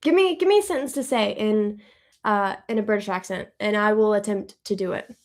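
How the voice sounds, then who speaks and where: A woman hosting a live stream, chatting casually and thinking out loud as she answers viewer questions. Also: medium pitch, a little fast. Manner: chatty and upbeat, thinking aloud.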